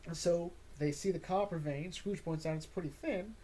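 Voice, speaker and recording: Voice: mid-range voice, moderate pace, mellow, a little hiss or hum. A host casually recapping a comic story, laid-back with chuckling asides.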